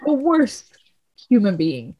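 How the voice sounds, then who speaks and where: A woman's voice: mid-range voice, big pitch swings, takes it slowly, heavy background noise. A young woman in a casual film chat, talking freely with many fillers and the odd swear word. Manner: chatty, frequent fillers and swearing.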